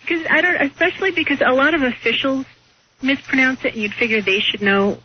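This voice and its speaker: A woman's voice: high voice, lively intonation, brisk. A woman who teaches English, a guest on a radio talk show, explaining patiently and laughing easily. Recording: dull lo-fi radio with faint noise.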